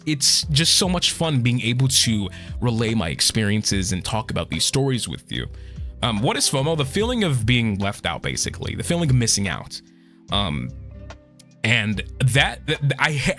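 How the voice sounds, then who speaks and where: A man's voice: medium pitch, fairly bright tone. A man streaming a casual chat with his viewers, emotional and swearing often, choked up and holding back tears. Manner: emotional, swears a lot, trails off and restarts. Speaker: VTuber streamer.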